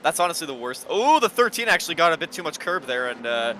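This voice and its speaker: A man doing live sim racing commentary, excitable and getting loud in close battles. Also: on the high side, fast talker, slight background noise. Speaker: race commentator.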